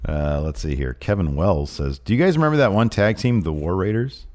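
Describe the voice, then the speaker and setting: Deep-voiced joking man, animated delivery. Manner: lively, joking, quick asides. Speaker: podcast co-host. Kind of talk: casual chat reading listener questions.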